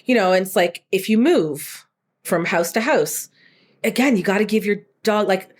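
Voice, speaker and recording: A woman chatting casually on a podcast as a guest, talking about dog training in an animated way with lots of fillers. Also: medium pitch, moderate pace.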